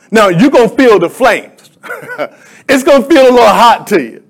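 A man's voice: very high voice, sing-song, moderate pace. A male pastor preaching a sermon, calling out to the congregation and rising into emphatic declarations.

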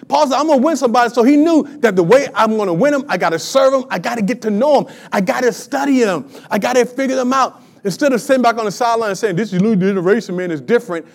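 A man, preaching a sermon with energy and rhetorical questions to his congregation. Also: extremely high pitch. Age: 50s. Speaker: pastor.

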